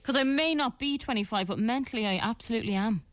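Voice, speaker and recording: A woman's voice: fairly high pitch, quick pace, no echo. A woman co-hosting a radio show, chatting in a playful, self-mocking way. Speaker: radio co-host. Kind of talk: casual radio chat. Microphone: studio mic.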